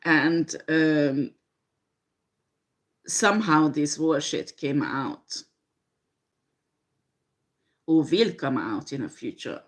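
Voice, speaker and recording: Slow, low-voiced woman doing a tarot reading. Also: lively intonation. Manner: slow, hesitant, many fillers. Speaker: tarot reader. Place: home with a dishwasher running.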